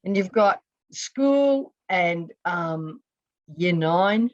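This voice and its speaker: A woman's voice: lowish voice, lively intonation, very slow, darkish tone, dry recording, highs cut off. A woman, a counselor talking earnestly on a podcast and explaining with restarts and asides. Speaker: guest, counselor. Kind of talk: casual podcast conversation.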